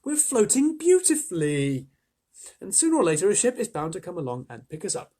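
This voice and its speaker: A man voicing an eager, calm young boy who comforts his friends. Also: high voice, brisk, slightly rough, pitched above the performer's own voice, heavily acted.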